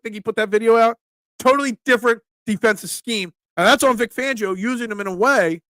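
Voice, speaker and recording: A man with a high, bright voice talks football on a live stream, answering viewer comments in an animated, emphatic way. The sound is close and dry, with no room echo. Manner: animated, emphatic, reads chat aloud. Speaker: sports talk host reading viewer comments. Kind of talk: casual live-stream chat.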